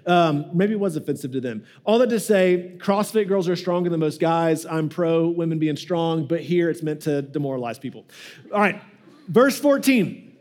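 A man with a high voice preaches in a relaxed, joking way and slips into playful voices for the people in his stories. It sounds like a pastor talking straight to his congregation. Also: moderate pace. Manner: casual and joking, acts out quoted voices. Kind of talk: sermon.

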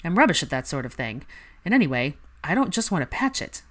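A woman's voice: deep voice, big pitch swings, brisk, a bit bright, heavily acted. A woman voicing an awkward, easily flustered young man who grumbles a little. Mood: casual. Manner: gruff, grumbling.

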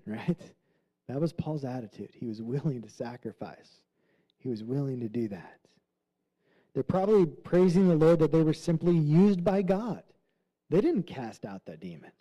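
This man is a pastor delivering a sermon in a conversational way, frequently checking in with the congregation by asking "right?" His mid-range voice sounds warm and expressive at a normal speed, though the recording is muffled.

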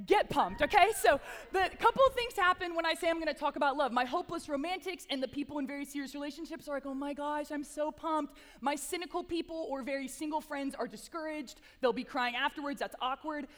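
A woman's voice: high-pitched, fast talker, fairly bright tone. Upbeat young woman preaching in a hall. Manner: chatty and upbeat, with playful asides. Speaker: chapel speaker, campus ministry assistant. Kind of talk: casual sermon with prayer. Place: large chapel hall. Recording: long hall reverb.

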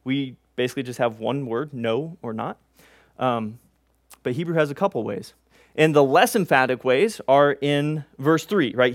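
A man's voice: mid-range voice, normal speed, no room sound, clean studio sound. A man preaching an expository sermon, walking through a passage word by word and often checking in with "right?". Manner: teaching, explains word by word, frequent "uh" and "right?".

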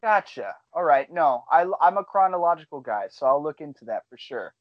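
A man in casual conversation, telling stories with enthusiasm and slipping into quick impressions of the people in them. The recording is dry and a little muffled, with no room sound. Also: fairly high pitch, no room sound. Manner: animated storyteller, acts out quotes. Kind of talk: casual chat.

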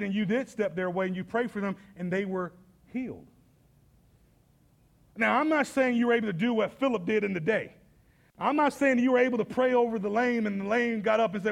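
High, gravelly-voiced preacher man. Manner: storytelling preacher, acts out dialogue. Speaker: pastor. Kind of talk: sermon.

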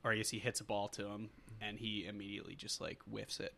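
A man's voice: lowish voice, completely flat delivery, quick pace, gravelly, pushed and bright. A man co-hosting a podcast, recapping a movie in a rambling, casual way with lots of fillers. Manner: rambling, full of fillers and quoted lines. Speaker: podcast co-host.

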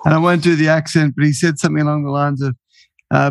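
Aussie male host, relaxed conversational, gravelly texture, dry close mic. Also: fairly high pitch, fast, no room sound. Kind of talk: casual chat.

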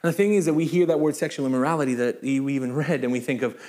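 A male pastor preaching a sermon to a congregation in church, lively and full of joking asides. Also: mid-range voice, rapid-fire.

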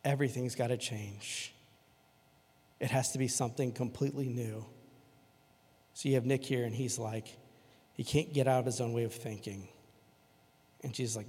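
Guy preaching in church, casual talky sermon, gets loud then drops quiet, big reverb. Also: mid-range voice, fairly even intonation, normal speed, pauses often, slightly rough. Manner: emphatic, conversational preaching that swings between loud and quiet. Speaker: pastor. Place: church sanctuary. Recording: long hall reverb in a church.

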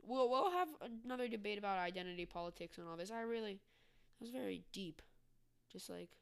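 A woman's voice: mid-range voice, animated, brisk, vocal fry, smooth. A woman hosting a casual political commentary podcast, ranting sarcastically. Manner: sarcastic, ranting, mocks with put-on voices. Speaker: podcast host.

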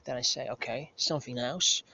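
A man's voice: mid-range voice, a little fast, creaky, sharp tone, a little hiss or hum. Profane, rambling man in his thirties. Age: 30s. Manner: profane, rambling, self-correcting. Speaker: podcast host. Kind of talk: casual anecdote telling. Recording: slightly muffled lo-fi recording.

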